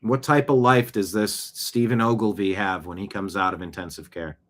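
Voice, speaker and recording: A man's voice: fairly low pitch, fairly even intonation, normal speed. A man hosting his own show, giving opinionated news commentary full of indignant rhetorical questions. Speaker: show host.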